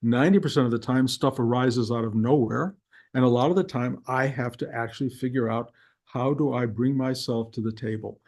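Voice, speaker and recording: A man's voice: mid-range voice, darkish tone. An older man, a spiritual teacher, giving an earnest, conversational talk to a class over a video call. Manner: earnest, conversational, slips into acted inner voices.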